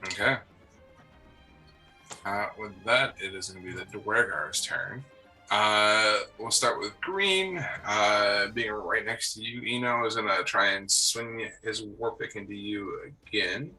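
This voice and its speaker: Guy running a tabletop game, slow and bright, uhs a lot, faint music behind. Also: fairly low pitch, poor audio. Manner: halting, many filler ums and uhs. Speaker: game master.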